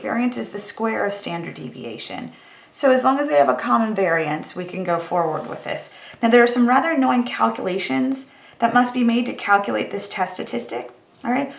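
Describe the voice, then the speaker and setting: A woman's voice: fairly high pitch, creaky, a bit bright, roomy sound. A woman statistics teacher giving a recorded math lecture in a casual, conversational way, wry about the tedious calculations.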